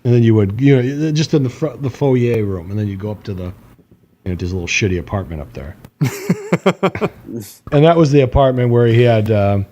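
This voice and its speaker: Mellow-voiced man telling a rambling story. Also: medium pitch, normal speed. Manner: rambling storyteller, laughs a lot, acts out quotes. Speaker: podcast co-host. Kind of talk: casual chat.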